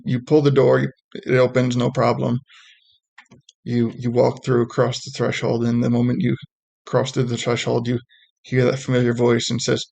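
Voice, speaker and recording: A man's voice: mid-range voice, gravelly, a little mellow. A man narrating as game master of a tabletop game, rambling with many restarts.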